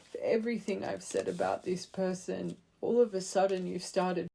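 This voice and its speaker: Low gravelly-voiced woman reading tarot. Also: fairly even intonation, moderate pace, dark tone, a little hiss or hum. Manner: earnest and heartfelt, addresses the viewer directly; rambling with frequent "like" fillers. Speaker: tarot reader. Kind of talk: intuitive tarot reading to camera.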